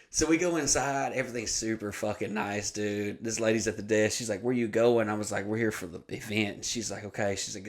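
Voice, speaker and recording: A man telling a comic story on a podcast, swearing freely and acting out the voices of the people in it. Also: lowish voice. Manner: profane, animated, acts out quoted voices.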